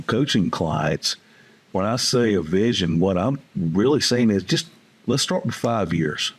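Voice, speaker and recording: A man with a low, husky voice speaks as a business coach in a relaxed interview. He is plainspoken and folksy and tells stories from his client calls. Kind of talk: casual interview talk.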